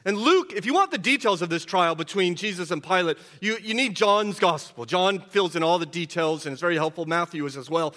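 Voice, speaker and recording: A man preaching an expository sermon, asking rhetorical questions and dropping low and quiet for emphasis. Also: expressive, fairly quick, few pauses. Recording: long hall reverb.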